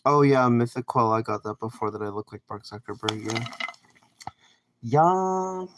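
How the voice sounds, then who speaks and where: A man's voice: lowish voice, steady tone, fairly quick, background noise. A man from Canada chatting casually with viewers on a live stream while he cooks, reading out comments and rambling through his answers. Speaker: livestreamer. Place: home kitchen.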